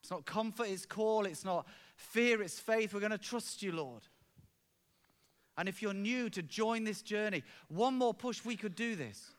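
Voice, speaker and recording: A middle-aged man preaching a sermon as pastor, telling stories fervently and swinging from hushed, quiet moments to exclamations. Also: sits high, measured pace.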